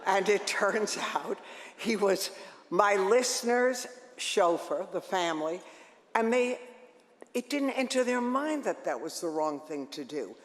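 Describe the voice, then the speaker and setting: A woman's voice: medium pitch, a little slow. Older woman telling funny stories in an echoey hall. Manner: lively, joking, animated storytelling. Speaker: radio host telling career stories. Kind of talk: storytelling talk to an audience. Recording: echoey hall with long reverb.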